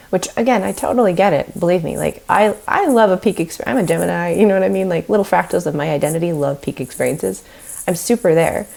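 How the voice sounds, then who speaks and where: A woman guest on a podcast, talking in a casual, animated way and often breaking into laughter. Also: deep voice, a little fast, vocal fry.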